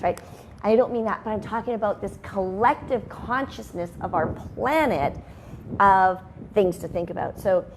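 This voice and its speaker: A woman's voice: on the low side, darkish tone, a little hiss or hum. Chatty rambling woman hosting a home talk. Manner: chatty, rambling, with sidebars and laughs. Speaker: host. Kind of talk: casual motivational talk. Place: her home. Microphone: headphones and microphone at a video call setup.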